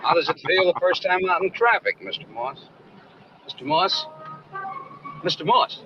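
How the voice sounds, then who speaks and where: A jittery driving instructor. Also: male voice, on the high side, sing-song, moderate pace, muffled recording, over loud music. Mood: anxious. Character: nervous male driving instructor. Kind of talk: 1960s TV commercial.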